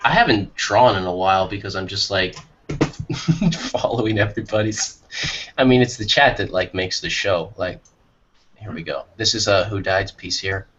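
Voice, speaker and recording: Excitable man on a lo-fi podcast. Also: lowish voice, slight background noise. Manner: excitable, quick to exclaim. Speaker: podcast co-host. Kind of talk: casual chat.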